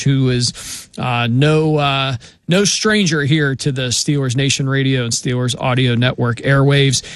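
A man hosting a sports radio show, wrapping up in a steady, measured way with small pauses. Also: medium pitch, no echo. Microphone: studio mic.

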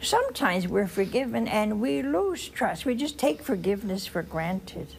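An older woman, a nun, giving a slow, tender spiritual talk on a call-in program, dropping to a whisper on key phrases. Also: mid-range voice, very animated, vocal fry, slight background noise. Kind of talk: spiritual teaching with phone calls.

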